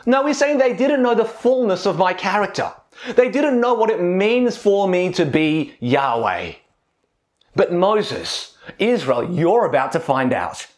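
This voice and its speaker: A man preaching an expository sermon in an earnest, expressive way, often putting rhetorical questions to his listeners. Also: high voice, unhurried.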